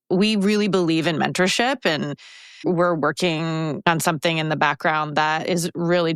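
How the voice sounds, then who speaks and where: A woman's voice: fairly low pitch, fairly bright tone, smooth, no echo, studio quality. A woman hosting a podcast, speaking in an upbeat, encouraging, casual way. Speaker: podcast host. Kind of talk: casual podcast chat and ad read.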